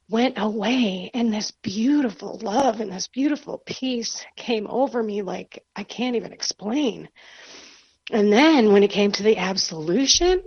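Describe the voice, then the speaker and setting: A woman guest on a radio interview, telling a personal faith story in an animated, self-deprecating way. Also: on the high side, unhurried, slightly rough, lo-fi sound. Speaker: guest author.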